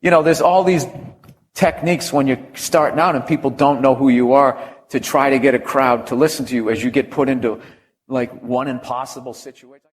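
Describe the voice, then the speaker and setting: A male stand-up comedian answering an interview question with an animated story. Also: mid-range voice, a little fast. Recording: reverberant room, faint noise.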